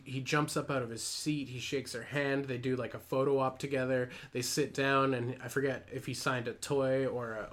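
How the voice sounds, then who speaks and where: A man's voice: medium pitch, a bit bright. A young man co-hosting a casual chat, telling a long awkward anecdote with frequent laughs and restarts. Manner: rambling, self-deprecating, laughs often. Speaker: podcast co-host.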